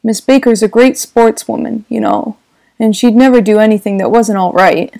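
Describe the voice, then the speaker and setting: A woman voicing a charming, evasive young rich man in an audiobook reading, speaking smoothly and reassuringly. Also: fairly high pitch, fairly even intonation, normal speed, warm tone, dry recording.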